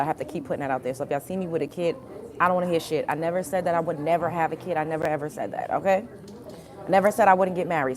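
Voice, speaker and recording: Blunt, profane woman ranting to viewers. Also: fairly low pitch. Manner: repetitive, addresses viewers directly. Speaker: livestream host. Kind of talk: casual livestream rant.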